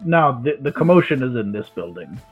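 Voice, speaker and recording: A man's voice: mid-range voice, fairly quick, slightly rough, soft background music. A man playing a tabletop game, joking around with the group. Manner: jokey, animated. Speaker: player. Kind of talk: casual tabletop play. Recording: dull lo-fi sound.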